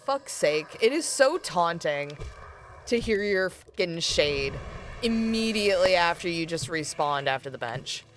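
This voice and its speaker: A woman's voice: lowish voice, lively intonation, unhurried, faint music behind. A woman streaming a game, talking casually with sarcastic, self-mocking commentary and frequent swearing.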